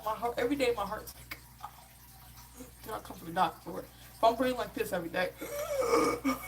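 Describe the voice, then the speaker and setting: On a live sports reaction stream, a woman host tells a story in an exasperated, slangy manner with animated asides. Her voice is mid-range, and the recording is rough.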